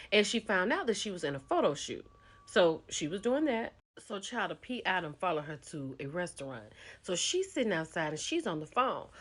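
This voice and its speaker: A woman host recapping a reality show in a chatty, animated storytelling way, speaking. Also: mid-range voice.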